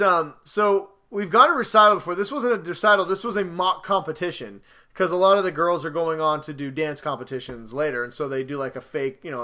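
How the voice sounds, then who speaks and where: A man in his thirties co-hosting a casual podcast, telling stories about his kids with lively retellings of their lines. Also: fairly high pitch. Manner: animated storyteller, acts out his kids' lines. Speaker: podcast co-host.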